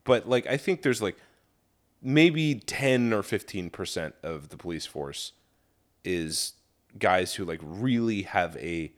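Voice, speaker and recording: A man's voice: sits low, animated, takes it slowly. A man co-hosting a casual true-crime podcast, swearing often and sounding indignant. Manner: profane, indignant, lots of fillers. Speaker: podcast co-host.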